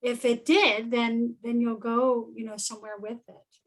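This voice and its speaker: Woman, higher voice, thoughtful, fillers, webinar panelist. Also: flat delivery, unhurried, poor audio. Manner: thoughtful, many fillers like um and right. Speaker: parenting educator on a webinar panel. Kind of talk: conversational webinar talk.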